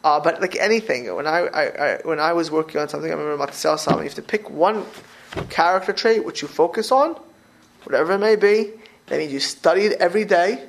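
A rabbi gives a loose, informal talk, his voice sitting high and edged with a gravelly fry. He rambles and restarts, repeats phrases and tumbles into animated anecdotes. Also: fast, a little hiss or hum.

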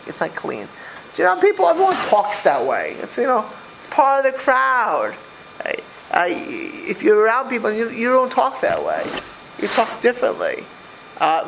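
Animated, high-voiced man giving a Torah talk. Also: creaky, a little hiss or hum, rough recording. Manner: animated storytelling, quoting Hebrew verses and translating them. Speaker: religious teacher.

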